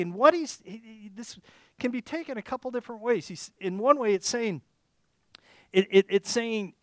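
A man with a notably high voice, preaching to his church congregation. He talks it through casually, stumbling and restarting, and keeps asking "okay?" to check in. The sound is close and dry, with little room echo. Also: normal speed. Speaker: pastor. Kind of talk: sermon. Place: church service.

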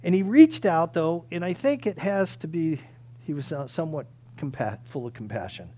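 High-pitched guy preaching a sermon, earnest, acts out the prayers. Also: lively intonation, moderate pace, warm tone. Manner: earnest, emphatic, acts out quoted pleas.

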